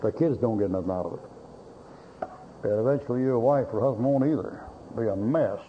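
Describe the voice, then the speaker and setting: Here a pastor preaches briskly in a mid-range male voice, spinning folksy tales with blunt humor and playing both parties in each conversation. The recording sounds dull and lo-fi, with faint hiss in the background.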